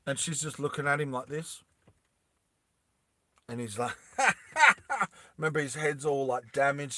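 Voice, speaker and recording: A young man casually recapping a movie plot, animated, laughing often and acting out the scenes. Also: medium pitch, no room sound. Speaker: storytelling vlogger.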